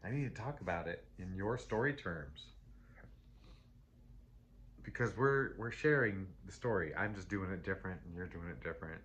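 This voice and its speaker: A man's voice: deep voice, normal speed, fairly bright tone, slight background noise. A man giving a casual spoken tarot reading, rambling and emotional, often breaking off and restarting his sentences between laughs. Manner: rambling and self-interrupting, with frequent restarts. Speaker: tarot reader.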